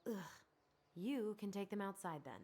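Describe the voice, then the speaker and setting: A woman's voice: medium pitch, expressive, moderate pace, warm tone. An actress playing a curious, teasing young woman in a video game. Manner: teasing, inquisitive. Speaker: game character.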